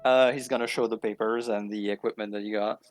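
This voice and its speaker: A man playing a tabletop role-playing game who talks in a halting way and keeps laughing. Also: lowish voice, steady tone, soft background music. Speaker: player.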